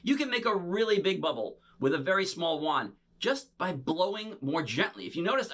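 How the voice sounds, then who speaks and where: A man performing an interactive bubble show for children, talking playfully to an unseen young audience. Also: a little high. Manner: animated and showy.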